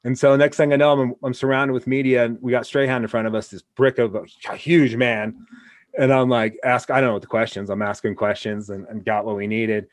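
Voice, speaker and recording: A man's voice: medium pitch, flat delivery, fairly quick, no echo. A man from Wyoming hosting a casual interview, telling rambling anecdotes full of restarts. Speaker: podcast host.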